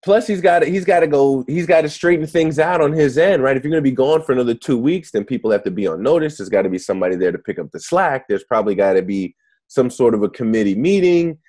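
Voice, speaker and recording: A man being interviewed as an author, talking in a lively way and often restarting his phrases. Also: medium pitch, quick pace. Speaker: guest author. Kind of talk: conversational interview.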